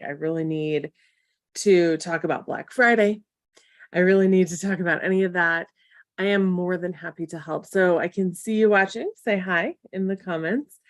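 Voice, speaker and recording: A woman's voice: fairly low pitch, no room sound, studio quality. A woman coaching viewers in a casual live stream, chatty and encouraging with tough-love asides. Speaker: marketing coach hosting a live Q&A.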